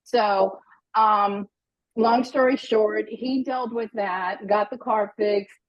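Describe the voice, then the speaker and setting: A middle-aged woman telling a personal story in a casual, animated, self-deprecating way. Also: medium pitch, takes it slowly. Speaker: guest storyteller. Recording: dull lo-fi sound.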